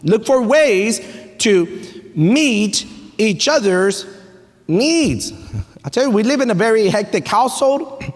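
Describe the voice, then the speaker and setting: A man in his thirties preaching a sermon as pastor, animated and playful, with family stories and asides to the congregation. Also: high voice, slow pace, long pauses. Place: church sanctuary. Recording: echoey church hall.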